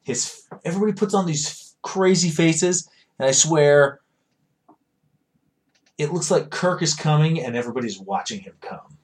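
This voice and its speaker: A man co-hosting a casual podcast, profane and animated, acting out dialogue in quick bursts. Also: fairly high pitch. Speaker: podcast co-host.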